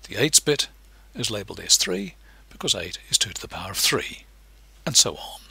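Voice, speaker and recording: Male lecturer, husky bright voice, patient and explanatory, animated pitch. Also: moderate pace, dry recording. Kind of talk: recorded lecture narration.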